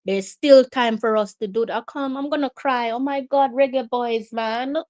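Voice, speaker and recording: A woman with a Jamaican accent and a fairly high voice, hosting a live match watch-along. She talks with raw emotion, pleading with the players and slipping between Patois and English as her reactions tumble out. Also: moderate pace, a little mellow.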